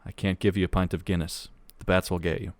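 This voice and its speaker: A man's voice: deep voice, level tone, fast talker, dry recording. A young man co-hosting a podcast, reading a long joke aloud in casual chat, laughing as he goes and swearing casually. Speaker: podcast co-host.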